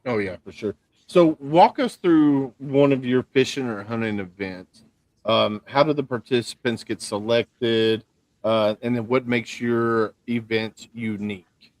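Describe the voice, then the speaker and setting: A man hosting a veterans' talk show who asks his questions in a measured, polite way. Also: medium pitch, dry recording. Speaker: host. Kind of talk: interview questions.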